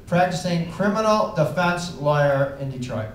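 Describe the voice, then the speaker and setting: A man introduces a speaker in a slow, announcing way. His voice is pitched rather high for a man. He is heard from well back in an echoey room, with clear background noise. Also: expressive. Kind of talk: live introduction. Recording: echoey room from far off, noisy.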